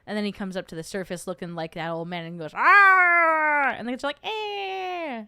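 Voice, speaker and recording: A woman's voice: fairly low pitch, very fast, no echo, studio quality. A young adult woman hosting a livestream, chatting casually and joking in rambling asides while reacting to a video. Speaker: host.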